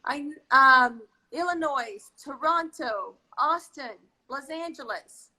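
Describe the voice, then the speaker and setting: A high-pitched woman hosts a live baking stream over a video call. Her voice is bright and forceful, and she gushes as she reads out viewers' comments. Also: expressive, normal speed, poor audio. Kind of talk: casual live-stream chat.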